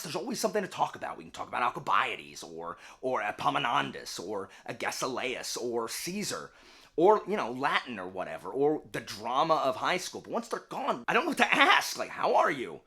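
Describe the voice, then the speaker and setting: Southern man, late 30s, vlogger; animated, wandering chat with a bright, forward tone. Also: fairly high pitch. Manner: animated, rambling with many restarts and asides. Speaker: vlogger and teacher. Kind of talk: casual personal chat to camera.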